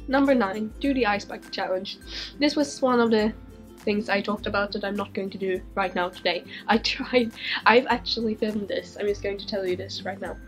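A woman's voice: mid-range voice, normal speed, soft background music. Giggly young woman rambling on camera. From Sweden. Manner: rambling, giggly, self-interrupting. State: strained, fading voice. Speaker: vlogger. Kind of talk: casual chat answering viewer questions. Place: bedroom.

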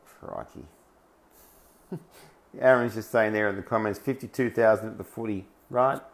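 This Australian-accented man, an online commentator, mocks and rants his way through news clips, frequently laughing between phrases and stacking single words to hammer his points. He speaks at a moderate pace in a low voice with fairly even intonation.

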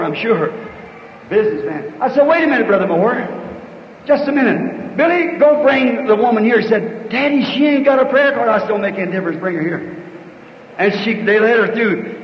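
Preacher, high voice, folksy storytelling that breaks into shouts, dull old tape from a big hall. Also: male voice, slight background noise. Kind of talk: sermon with storytelling. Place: large meeting hall.

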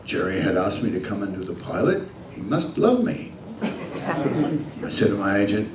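An older man with a fairly low voice answers fan questions on a convention stage, telling lively anecdotes and acting out the dialogue. He laughs often as he goes. He sounds distant and roomy, as if picked up from across a big echoing hall, with a faint hum underneath. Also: measured pace. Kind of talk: convention Q&A storytelling. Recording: echoey hall, heard from far off, faint hum.

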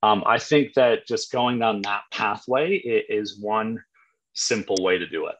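A man's voice: lowish voice, measured pace, highs cut off. A man coaching real estate agents in a blunt, emphatic way, cursing freely as he makes his points. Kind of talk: live coaching talk.

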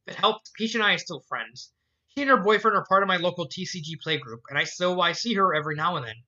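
A man voicing a shy, bookish young woman who speaks in halting, unsure phrases. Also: sits high, sharp tone, dull audio. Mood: candid.

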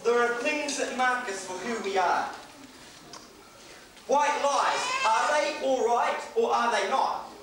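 High-voiced man preaching in an echoey church. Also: slow. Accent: New Zealand. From New Zealand. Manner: conversational, joking asides. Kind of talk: sermon. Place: church hall. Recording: echoey hall, distant mic, faint hiss.

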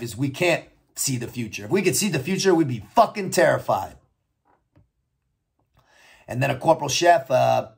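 A man's voice: mid-range voice, creaky, slightly rough. An American man telling his own story in a blunt, profane and reflective way. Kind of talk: personal storytelling monologue.

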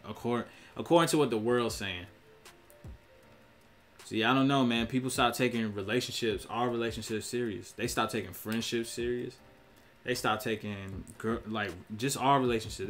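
An online commentator rants his opinion to camera, blunt and profane and full of slang. His voice sits on the low side with a fairly bright tone, and he often acts out other people's lines in quick voices.

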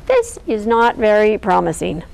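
A woman's voice: medium pitch, huge pitch swings, normal speed, vocal fry, a little mellow, slight background noise. A woman voicing a stern male lion teacher who is hard to impress, speaking in a dry, instructive way in a picture-book story. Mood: instructing.

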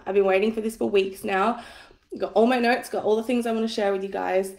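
A woman in her thirties talks to her livestream audience from home, her voice a little husky and tired from a very early start. She is chatty and self-deprecating and swears freely as she teaches, at an ordinary middle pitch. The sound is roomy and echoey, picked up by a phone on a tripod. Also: fairly even intonation, a little fast, a little mellow. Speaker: coach hosting a live masterclass.

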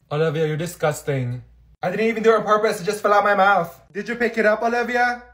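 A young man acting out comedy sketches, swinging between loud shrill outbursts and low mumbled asides. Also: fairly quick. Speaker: comedy sketch creator playing many characters.

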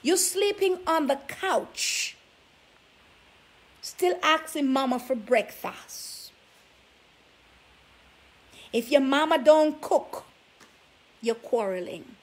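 A woman's voice: high-pitched, lively intonation, very slow, long pauses. A woman vlogger giving relationship advice, scolding her listeners with sassy rhetorical questions. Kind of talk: preachy talk to camera.

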